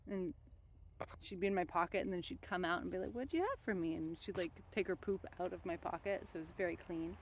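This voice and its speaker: A woman's voice: lowish voice, flat delivery, fairly quick, a little hiss or hum. A young woman telling rambling stories in a casual, chatty way while working on a fence outdoors. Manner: rambling, chatty, with many fillers and asides.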